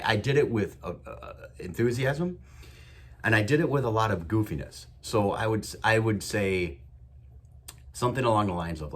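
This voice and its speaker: Man, show host, motivational monologue, husky voice, swinging pitch. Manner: enthusiastic, repetitive, emphatic. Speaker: podcast host.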